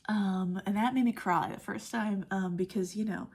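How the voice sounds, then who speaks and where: A woman gushing through a casual film review, saying "like" often and dropping into soft whispers. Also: medium pitch, unhurried, creaky, pauses often, breathy edge. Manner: gushing, heavy use of "like", drops to soft whispers when moved; laughs often mid-sentence. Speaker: movie reviewer.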